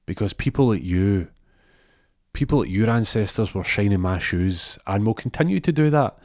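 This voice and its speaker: A man's voice: lowish voice, animated, normal speed, no room sound, studio quality. A man voicing a sneering, villainous gangster who gloats and threatens. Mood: gloating. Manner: gloating, menacing.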